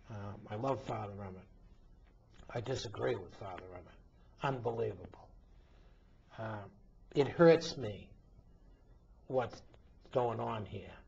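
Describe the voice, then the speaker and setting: A male priest hosts a talk show, giving an impassioned, indignant monologue packed with rhetorical questions. His voice is medium-pitched with vocal fry. The dull, lo-fi recording carries slight background noise.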